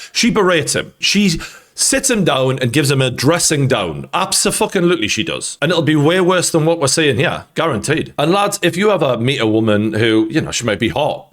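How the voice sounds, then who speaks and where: A man with a Geordie accent delivers reaction commentary in a blunt, opinionated way. His pitch sits in an ordinary middle range, and he swears freely as he lays out his views. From North East England. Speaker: host.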